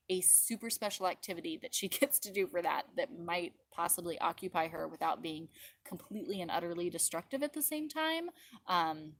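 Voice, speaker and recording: A woman hosting a casual live stream as a mother, chatting and rambling with lots of filler words, outdoors in her yard. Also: on the low side. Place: outdoors in a backyard.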